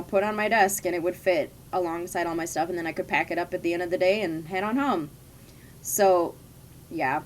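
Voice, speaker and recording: A woman's voice: mid-range voice, a little hiss or hum. A young adult woman streamer chatting casually and rambling through stories from her past jobs while she plays. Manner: rambling, chatty storytelling with frequent laughs. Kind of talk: casual chat while gaming.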